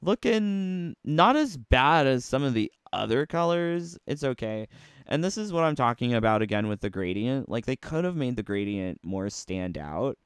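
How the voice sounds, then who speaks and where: A man's voice: medium pitch, sing-song, normal speed, clear, resonant tone, no room sound, studio quality. A man giving casual, playful commentary on video game costumes, sassy and full of rhetorical questions. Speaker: gaming YouTuber.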